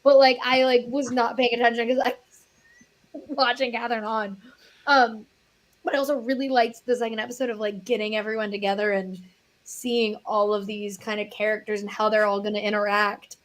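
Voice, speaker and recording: A woman's voice: on the high side, little pitch movement, a little fast. A woman from Pennsylvania with a Pennsylvania accent, a guest critic chatting enthusiastically and laughing mid-sentence. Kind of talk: casual chat.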